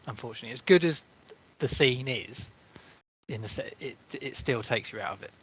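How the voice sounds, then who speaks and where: A man's voice: medium pitch, expressive, brisk, a bit bright, breathy edge. Man, easygoing film podcast co-host, agreeable, muffled lo-fi audio. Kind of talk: casual film review chat.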